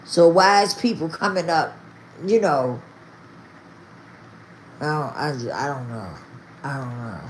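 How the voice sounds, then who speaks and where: A woman's voice: sits low, lively intonation, slow, pauses often, slight background noise. An older woman talking casually to her viewers, emphatic and repetitive. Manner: emphatic, repeats herself, talks straight to viewers. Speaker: vlogger.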